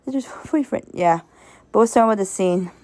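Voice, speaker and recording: A woman's voice: medium pitch, moderate pace, a little mellow, dry recording. A woman giving a casual, rambling spoken review, stumbling and restarting often and laughing as she goes. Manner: sentimental, laughs while talking. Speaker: video reviewer.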